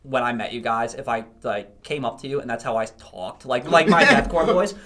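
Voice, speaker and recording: A man's voice: medium pitch, fairly quick, crowd noise. A man, a band's vocalist, telling stories in casual podcast chat, swearing and laughing often. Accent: New Jersey. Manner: laughing, storytelling, swearing freely. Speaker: band vocalist guest.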